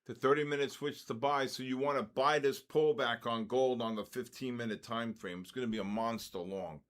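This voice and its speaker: Speaking at normal speed with fairly even intonation, a man in his early sixties runs a live trading stream. His voice is medium-pitched, and his loose chat with viewers hops from stories to market calls.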